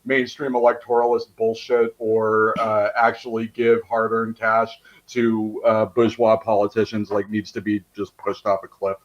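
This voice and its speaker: A man talking politics in casual chat, blunt and profane, halting with many fillers. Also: on the low side, completely flat delivery, muffled recording.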